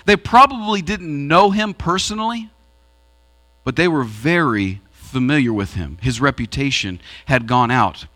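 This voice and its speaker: A pastor preaching a sermon in a church auditorium, swinging between raised and hushed delivery. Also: male voice, medium pitch, animated, measured pace.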